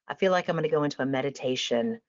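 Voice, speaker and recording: A woman giving a passionate, emphatic talk to travel advisors, sometimes dropping to a calm, quiet voice. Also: rapid-fire. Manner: energetic and emphatic, drops to a calm low voice to demonstrate. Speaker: industry trainer on a webinar panel. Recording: dull lo-fi online audio.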